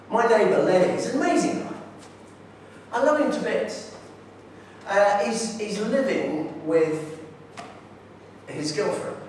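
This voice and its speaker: A man's voice: high-pitched, a little mellow, slight background noise. A man giving a conference talk, telling stories about his neighbours in an enthusiastic, direct way. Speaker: conference speaker. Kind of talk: preaching talk with anecdotes. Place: large echoey hall. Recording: echoey hall from far off.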